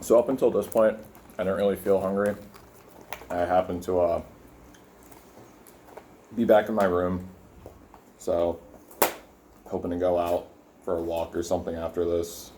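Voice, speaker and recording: A man's voice: low voice, flat delivery, unhurried, pauses often, warm tone, a little hiss or hum. A young man vlogging from his room, rambling casually with lots of fillers and swearing while he eats. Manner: rambling, profane, filler-heavy, talking while eating. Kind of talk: casual food vlog with rant.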